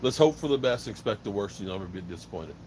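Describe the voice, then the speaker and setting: A man's voice: fairly low pitch, lively intonation, fast, a little mellow, a little hiss or hum, poor audio. Blunt rambling man on a live stream. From Virginia. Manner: rambling, blunt, swears freely. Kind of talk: casual live-stream chat. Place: outdoors by a smoker fire.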